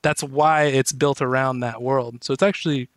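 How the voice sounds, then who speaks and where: A man co-hosting a gaming podcast in casual chat, an animated storyteller who laughs often. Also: medium pitch, moderate pace. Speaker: podcast co-host.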